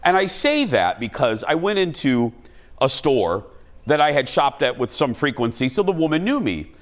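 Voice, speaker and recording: Animated man hosting a studio talk show. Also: mid-range voice, moderate pace. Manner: animated, self-mocking storytelling. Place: TV studio with live audience.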